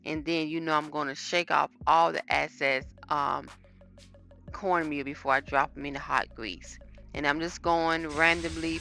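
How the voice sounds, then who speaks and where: Low, bright-voiced woman vlogging her cooking. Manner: chatty, talks straight to viewers. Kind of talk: casual cooking vlog chat. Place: home kitchen. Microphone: phone camera.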